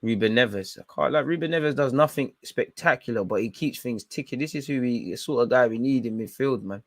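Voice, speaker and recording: Young male fan host, mid-pitched, blunt live watchalong commentary. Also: brisk, no echo. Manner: frustrated, blunt, slangy running commentary. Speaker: football fan channel host.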